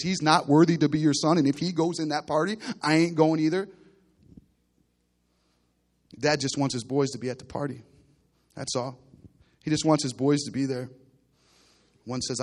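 A man preaching a sermon, retelling a parable with animated storytelling and bursts of loudness. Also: a little high. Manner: animated storytelling preacher, acting out characters with big swings in loudness. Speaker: pastor.

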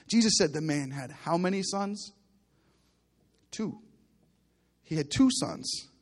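A man preaching a sermon, retelling a parable with animated storytelling and bursts of loudness. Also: on the high side, takes it slowly. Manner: animated storytelling preacher, acting out characters with big swings in loudness. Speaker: pastor.

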